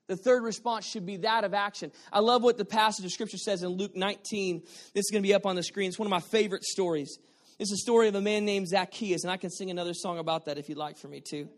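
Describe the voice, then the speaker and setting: High-voiced preaching pastor. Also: male voice, steady tone, fast. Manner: swings from hushed to loud emphatic preaching; repeats key phrases for emphasis. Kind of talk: sermon.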